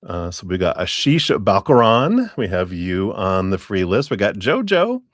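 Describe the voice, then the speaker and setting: Deep-voiced man, dry close sound. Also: very animated, unhurried, dry recording. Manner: friendly, greets viewers by name, chuckles often. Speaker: tarot reader hosting a live stream. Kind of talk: casual live-stream chat.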